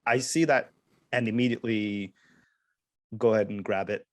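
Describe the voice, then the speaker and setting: A man playing a tabletop game, talking through his character's actions. He speaks haltingly, often trailing off and restarting. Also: on the low side, fairly even intonation, no echo. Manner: halting, unsure. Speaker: player.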